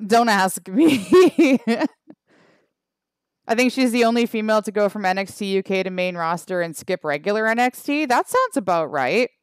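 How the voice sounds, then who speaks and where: A woman's voice: medium pitch, animated, normal speed, clear, resonant tone, no room sound, clean studio sound. A Canadian woman streaming a mobile game, chatting casually and wryly with her chat, trailing off with fillers. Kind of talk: casual livestream chat reading the chat.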